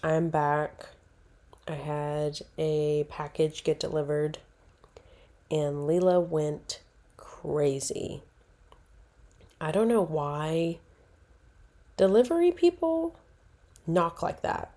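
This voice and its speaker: A woman's voice: low voice, little pitch movement, very slow, long pauses, a little mellow. A woman, hosting a casual solo podcast and rambling chattily, correcting herself as she goes. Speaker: podcast host.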